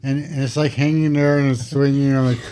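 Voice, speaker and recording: A man's voice: mid-range voice, fairly quick, slight background noise. A man, a retired police officer, telling stories animatedly and acting out what people said, on a podcast microphone. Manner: animated, acts out quotes, self-described particular. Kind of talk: casual storytelling.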